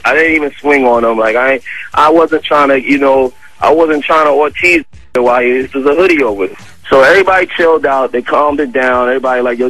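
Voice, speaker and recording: A man with a New York accent, a guest on a radio show, telling a story in a casual, animated way full of slang and fillers. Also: medium pitch, dry recording, poor audio. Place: radio studio. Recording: dry radio studio.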